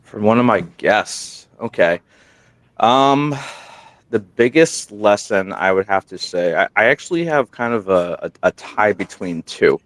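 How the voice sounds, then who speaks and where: A man on a podcast, a guest who hosts his own show, telling stories in a rambling, animated way and acting out quotes, sounding tired at night. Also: lowish voice, a little slow, no echo. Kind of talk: casual interview storytelling. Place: remote room while on military deployment. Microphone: single portable microphone.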